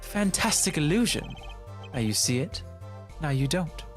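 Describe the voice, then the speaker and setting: A slick, self-assured prosecutor, as a man puts him on for a game fan dub, drawing out his words in a low, teasing tone. Quiet game music runs underneath. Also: sing-song, a little slow. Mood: smug. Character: suave male prosecutor with a German flair.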